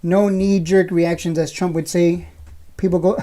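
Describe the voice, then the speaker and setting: Slow and warm, with long pauses and fairly even intonation, a woman in her thirties speaks in a low-ish voice. She's a livestream host going through chat, teasing viewers with profane, jokey rants and laughing often between lines.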